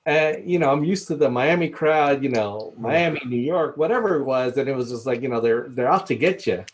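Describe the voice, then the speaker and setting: A man's voice: medium pitch, expressive, brisk, slight background noise. Chatty man telling a story. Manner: chatty, laughs often, acts out quoted people. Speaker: podcast guest, former cruise ship purser. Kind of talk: casual storytelling.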